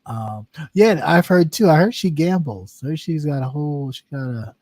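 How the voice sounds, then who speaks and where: A man's voice: on the high side, expressive, normal speed, a little mellow, no echo, studio quality. A man hosting a casual talk show, easygoing, who trails off and repeats himself. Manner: laid-back, trailing off, repeats phrases. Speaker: show host. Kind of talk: casual chat.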